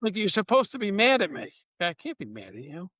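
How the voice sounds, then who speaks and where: A man's voice: high voice, a little fast, dry recording. A man, a business owner, telling workplace stories in a podcast interview and acting out the dialogue in them. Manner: animated, acts out dialogue in his anecdotes. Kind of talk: conversational storytelling.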